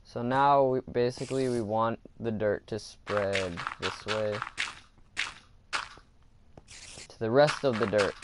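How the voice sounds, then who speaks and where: A man's voice: mid-range voice, background noise. A man giving casual commentary while playing a game, chatting to viewers and groaning at his own mistakes. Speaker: gaming video host. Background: background music.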